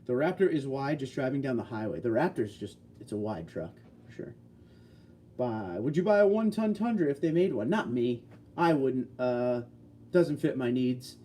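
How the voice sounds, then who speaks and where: A man's voice: mid-range voice, expressive, normal speed, mellow, a little hiss or hum. A man in his sixties hosting a casual livestream, reading viewer comments and answering in a blunt, folksy, opinionated way. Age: 60s. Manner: blunt, folksy, opinionated, reads out chat messages. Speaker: livestream host.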